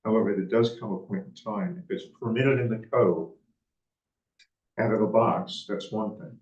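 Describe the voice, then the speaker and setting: A man's voice: on the low side, fairly even intonation, normal speed, a little mellow. A man serving on a town board, making blunt, emphatic objections in a public meeting. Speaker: board member. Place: municipal meeting room. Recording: dull, distant, echoey room audio.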